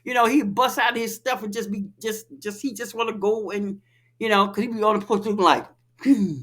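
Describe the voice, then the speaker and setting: A woman co-hosting a casual podcast, telling a story in a lively, profane, laughing way. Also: medium pitch, brisk. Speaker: podcast co-host.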